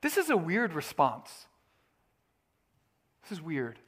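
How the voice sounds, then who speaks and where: A man's voice: a little high, huge pitch swings, slow, fairly bright tone, breathy edge. A male pastor preaching a sermon in an earnest, emphatic, storytelling way.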